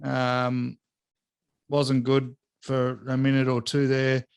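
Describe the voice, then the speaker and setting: A man co-hosting a podcast in casual chat, telling a story in an animated, profane way and acting out the dialogue. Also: medium pitch, slow, vocal fry, clean tone. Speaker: podcast co-host.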